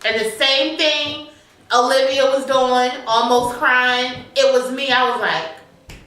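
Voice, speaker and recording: A woman co-hosting a casual TV recap, lively and profane, with quick reactions. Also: high voice. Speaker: co-host. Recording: echoey room, distant mic, faint noise.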